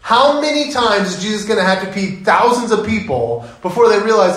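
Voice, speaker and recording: A man preaching a sermon as pastor, telling it in an animated, conversational way. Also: high voice, a little fast, reverberant, low-quality recording.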